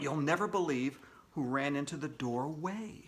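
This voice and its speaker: A man's voice: a little high, animated, moderate pace, a bit bright. A man, a children's author, reading his own storybook aloud to kids in a playful way with jokey asides.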